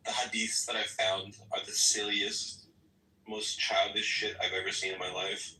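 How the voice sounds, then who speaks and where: A man's voice: on the low side, little pitch movement, moderate pace, sharp tone. Heated, profane man in a roomy chat. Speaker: debate participant. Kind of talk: heated online voice-chat debate. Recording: roomy, distant mic, faint noise.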